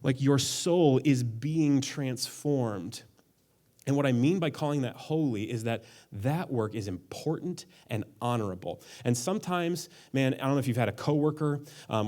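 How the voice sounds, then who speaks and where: A man's voice: mid-range voice, a little mellow. A man preaching a sermon as a pastor, in a casual, conversational way with frequent asides.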